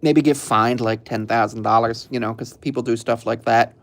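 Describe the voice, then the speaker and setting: A young man chatting casually on a live stream, rambling and laid-back, with frequent ums and soft chuckles. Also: medium pitch, steady tone, normal speed.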